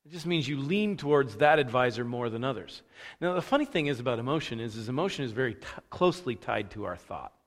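A man preaching a conversational sermon, casual and animated, acting out the thoughts he quotes. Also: medium pitch, fast talker. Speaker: pastor. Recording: long reverb of a large hall.

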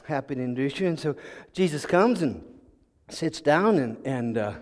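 High-pitched, animated male storyteller preaching, chuckly and halting, in a reverberant hall. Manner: chuckling, repeats his words while searching for them. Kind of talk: storytelling sermon.

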